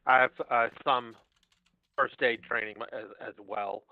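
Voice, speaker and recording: A man playing a tabletop game, speaking haltingly and trailing off. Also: mid-range voice, steady tone, creaky. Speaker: player. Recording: tinny phone-like line.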